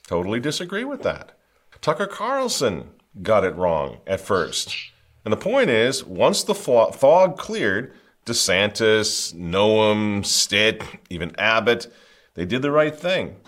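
A man's voice: on the low side, wildly swooping pitch, slow, fairly bright tone. A man hosting a political commentary show, fiery and sarcastic, with mocking chuckles.

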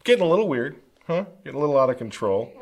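A man's voice: mid-range voice, sing-song, very fast, a crowd in the background. Fiery, sarcastic male commentary host. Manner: fiery, sarcastic, mocking asides with chuckles. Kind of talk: opinionated political commentary.

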